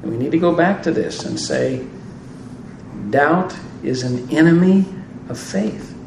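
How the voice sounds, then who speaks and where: A slightly high, gravelly male voice preaches on scripture a little slowly, keeping things conversational with deadpan humor. Background noise, a far-off mic, room echo and faint ambience color the recording.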